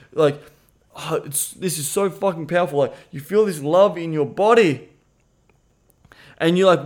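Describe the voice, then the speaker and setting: A man co-hosting a podcast, speaking candidly and swearing freely as he acts out conversations with animated voices. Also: fairly high pitch. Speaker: podcast co-host. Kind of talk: casual podcast chat.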